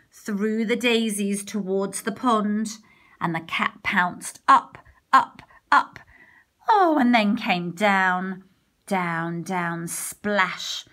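Teacher lady reading a kids story real slow, gentle, asks questions as she goes. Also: mid-range voice.

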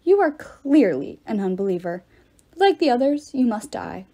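A pompous old ghost priest who barks orders and bristles at every interruption, read out by a woman. The voice sits fairly high and swings about a lot, with a mellow tone. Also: sing-song, normal speed. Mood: indignant. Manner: commanding, indignant outbursts.

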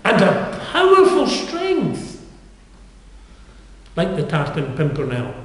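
An older man preaching a sermon, with earnest, dynamic delivery that surges up in pitch and volume. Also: darkish tone. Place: chapel. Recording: echoey chapel with long reverb.

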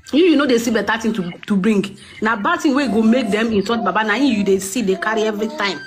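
A woman's voice: a little high, quick pace, few pauses, a little hiss or hum. A Nigerian woman in a casual call-in rant, indignant, switching between English, Pidgin and Yoruba.

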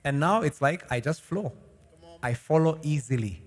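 Male pastor, animated sermon delivery, reverberant church hall sound. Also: fairly high pitch, normal speed. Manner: animated preaching with rhetorical questions and laughs.

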